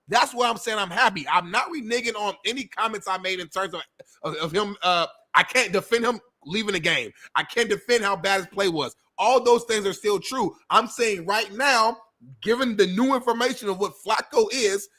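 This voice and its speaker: A man's voice: sits high, normal speed, fairly bright tone. A man co-hosting a sports talk show, defending his opinions in a casual, profane way. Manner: defensive, casual, profane, calls people homie. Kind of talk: heated sports debate.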